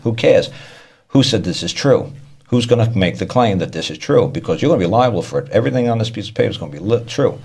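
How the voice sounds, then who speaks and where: Very deep-voiced man, rambling talk. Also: animated, fast talker, gravelly, a little mellow, a little hiss or hum. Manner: rambling, repeats words, acts out quoted people. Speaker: speaker on law and court tactics. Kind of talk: casual explanatory talk.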